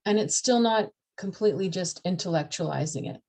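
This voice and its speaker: A woman's voice: fairly low pitch, fairly quick, a little mellow. A woman explaining astrology in a casual talk, acting out the voices of the signs and laughing at herself.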